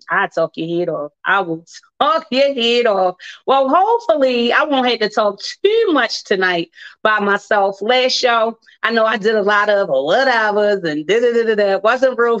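A woman hosting a talk radio show, chatty and emphatic, who repeats her points and laughs between lines. Her voice is mid-pitched and comes across dry and a little dull, as on online radio. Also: fairly bright tone, no room sound. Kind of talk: casual talk radio monologue.

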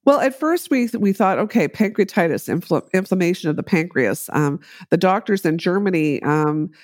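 A middle-aged woman telling a story as an interview guest, measured and explanatory, with frequent fillers. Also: on the low side, animated, darkish tone, dry recording, clean studio sound. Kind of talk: conversational interview.

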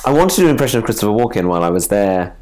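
A man chatting casually as a podcast co-host, laughing often and throwing in quick asides. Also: on the low side, lively intonation, a little mellow. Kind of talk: casual chat.

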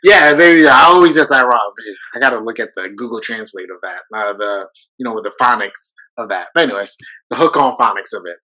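Earnest bright-voiced man teacher. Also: mid-range voice, a little fast, low-quality recording. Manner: earnest, thinks aloud with restarts. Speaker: podcast co-host, teacher. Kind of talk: casual conversation.

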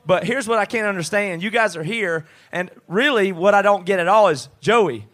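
High-voiced Southern US man ranting. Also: normal speed. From southeastern United States. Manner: animated, ranting comic riff. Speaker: podcast co-host. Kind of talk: live podcast banter in front of a crowd. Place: pub stage. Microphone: handheld mic.

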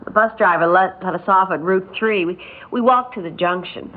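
An actress playing a quiet, weary young mother who speaks softly and hesitantly in an old radio drama. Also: fairly low pitch, normal speed, close to an everyday voice. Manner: soft-spoken, hesitant. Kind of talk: 1950s radio drama acting. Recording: tinny old radio broadcast with faint hiss.

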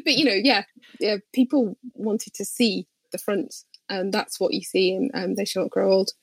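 A woman's voice: medium pitch, moderate pace, slightly rough, no echo. A woman guesting on a podcast in casual chat, sarcastic and thoughtful, hesitating with plenty of ums.

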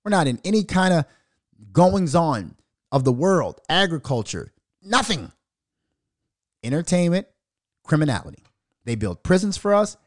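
A man hosting a podcast in a heated, profane rant, his voice swinging widely up and down as he pushes his points. He sits a little higher than most men, and the sound is dry and close with no room around it. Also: no room sound. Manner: aggressive, profane and venomous. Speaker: podcast host.

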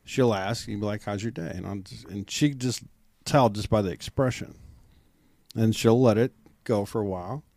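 A Midwestern man in his forties speaks in a low, gravelly voice. He talks in a low-key, dry way, often trailing off. The mic sits close and the sound is dry. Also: moderate pace, darkish tone, dry recording. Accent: Midwestern American. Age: 40s. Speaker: police officer guest. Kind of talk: casual podcast chat.

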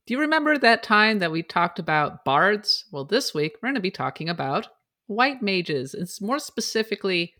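An upbeat woman hosts a casual podcast, her voice sitting a little low for a woman. She rattles through announcements and thank-yous with easy friendliness. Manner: upbeat, reads show notes and shout-outs briskly. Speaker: podcast host.

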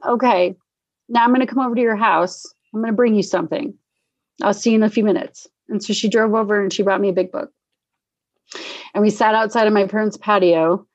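A middle-aged woman telling her recovery story in casual conversation, animated, acting out the voices of people she quotes. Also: mid-range voice, no room sound, dull audio. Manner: animated, acts out quoted voices, laughs often. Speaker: guest sharing recovery story. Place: Denver area.

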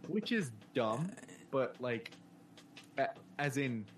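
A man's voice: medium pitch, big pitch swings, slow. A man co-hosting a casual podcast over a call, rambling with fillers and laughing between remarks. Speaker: podcast co-host. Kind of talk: casual chat. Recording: distant mic with clear keyboard noise.

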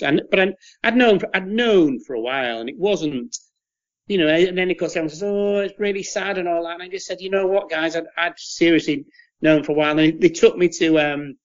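A man tells long anecdotes in a casual, rambling way, often stumbling over repeated words and slipping into the voices of people he quotes. His voice sits a little high for a man. The sound is slightly muffled and dull. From England. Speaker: interview guest, former footballer.

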